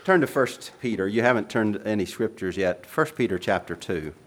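A man preaching a sermon, reading scripture aloud in dramatic, rising bursts and dropping to quiet asides between passages. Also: on the low side, lively intonation, moderate pace.

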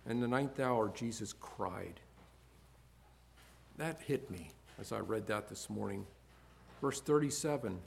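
A man preaching a sermon, moving between quiet reflection and loud impassioned emphasis, reading scripture aloud. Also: medium pitch, normal speed, vocal fry, slight background noise. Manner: reads scripture aloud in King James wording.

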